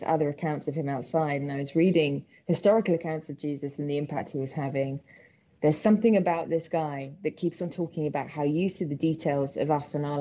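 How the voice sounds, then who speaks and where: Low-voiced British woman telling her story. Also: dull audio. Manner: earnest storytelling, soft laughs. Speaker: guest. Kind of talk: personal faith testimony.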